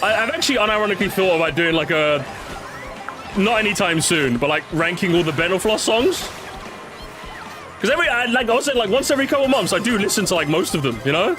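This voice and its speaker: A man's voice: sits high, big pitch swings, quick pace. A young man chatting casually with viewers as he plays, rambling and swearing freely, with game music behind him. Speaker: streamer. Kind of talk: casual gaming commentary.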